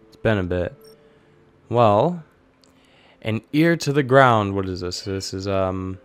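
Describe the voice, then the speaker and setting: A man's voice: fairly low pitch, slow pace, clean tone. A young man giving chatty, self-mocking commentary over a game he is playing. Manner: chatty, self-mocking, flares up in mock frustration. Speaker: gaming YouTuber. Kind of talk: let's play commentary.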